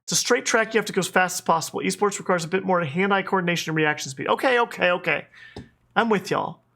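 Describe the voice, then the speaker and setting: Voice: mid-range voice, fast, pushed and bright. A stream host with a Minnesotan accent chatting casually, rambling with lots of fillers and restarts. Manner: rambling, many fillers and restarts, laughs often. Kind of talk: casual livestream chat.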